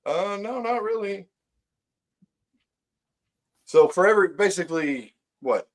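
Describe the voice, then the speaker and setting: A man's voice: sits high, animated, a little slow. A man co-hosting a casual sports talk show, teasing and arguing with his friends. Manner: teasing, argumentative. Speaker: podcast co-host.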